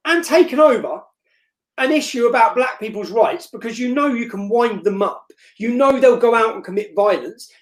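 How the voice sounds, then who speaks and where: Guesting on a live-streamed interview, this man recounts a story in a very high voice, hammering points bluntly and saying things more than once. He caps his lines with "yeah?", and the audio carries a roomy echo.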